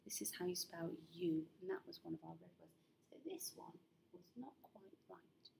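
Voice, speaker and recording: A woman teaching a recorded phonics lesson to young children, spelling out sounds slowly and patiently encouraging them. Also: fairly low pitch, sing-song, vocal fry, a little mellow, a little hiss or hum.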